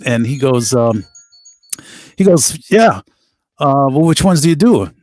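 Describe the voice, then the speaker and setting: A middle-aged band musician, a guest, telling animated stories in a casual interview, quoting people as he goes. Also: medium pitch, unhurried, no room sound, soft background music. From United States. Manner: animated anecdotes with laughs and quoted voices.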